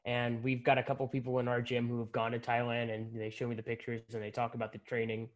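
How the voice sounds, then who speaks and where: A man's voice: medium pitch, completely flat delivery, fast. A man who is a guest in a casual interview, giving easygoing and thoughtful answers.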